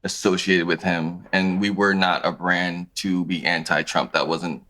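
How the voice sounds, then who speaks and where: A man in his thirties, a podcast guest talking about his clothing brand in a relaxed, conversational way. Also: deep voice, measured pace. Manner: relaxed, conversational, thinks aloud with restarts. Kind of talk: casual interview chat.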